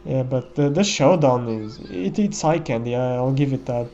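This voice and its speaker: Man, casual gameplay commentary, reflective, mellow tone, faint hiss behind. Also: mid-range voice, animated, normal speed, dull audio. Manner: reflective, musing, often says "you know".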